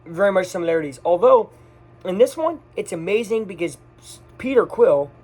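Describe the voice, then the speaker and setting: A person reviews a movie straight off the top of their head, with a middling pitch. They gush excitedly and speak in quick bursts. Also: husky. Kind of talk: casual off-the-cuff movie review.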